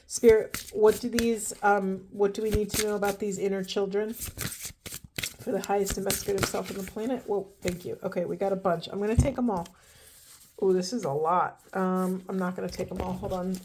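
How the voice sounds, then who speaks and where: Brief: woman, mid-pitched, earnest and heartfelt, talking viewers through a spiritual card reading. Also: noisy background. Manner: earnest, emotional, spiritual, speaks directly to viewers. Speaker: tarot and oracle card reader.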